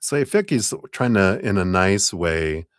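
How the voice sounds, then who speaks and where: A man's voice: low voice, animated, a little slow, dry recording, clean studio sound. A man giving a tarot reading on a livestream, rambling and chuckling, restarting his sentences. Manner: rambling, self-interrupting, chuckling. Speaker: tarot reader.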